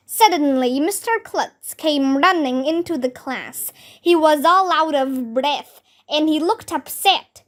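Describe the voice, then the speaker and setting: A woman reading a children's chapter book aloud, clear and deliberate. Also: sits high, animated. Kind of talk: storybook read-aloud.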